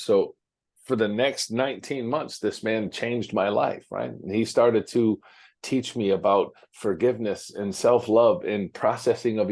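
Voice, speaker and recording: A man with a fairly low, slightly mellow voice speaks frankly as an interview guest from his office. He tells stories casually, with many fillers and restarts.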